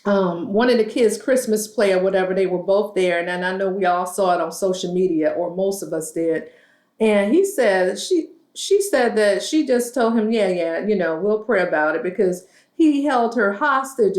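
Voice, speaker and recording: A woman's voice: medium pitch, darkish tone. A woman giving a casual, sassy recap of a reality show, gossiping and acting out what the cast said. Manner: sassy, gossipy, acts out quotes in shifting voices. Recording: roomy echo.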